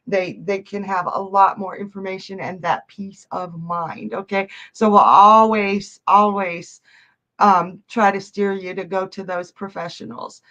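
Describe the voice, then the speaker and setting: A woman's voice: mid-range voice, a bit bright. A woman, a psychic and astrologer hosting a live stream, chatty and upbeat as she greets viewers and reads out the chat. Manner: chatty and upbeat, laughing often. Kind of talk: casual livestream hosting, reading out chat. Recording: dull, lo-fi stream audio.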